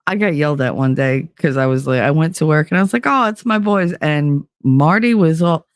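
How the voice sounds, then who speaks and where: A woman's voice: sits low, a little fast, dry recording, clean studio sound. A woman casually chatting with her livestream chat, bubbly and teasing, laughing a lot and tired from little sleep. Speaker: livestream host reading chat.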